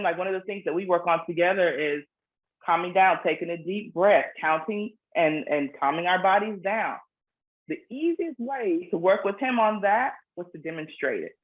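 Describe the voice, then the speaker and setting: A woman, a children's book author, explaining things earnestly in a casual interview, often restarting her phrases. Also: medium pitch. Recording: phone-like narrow sound.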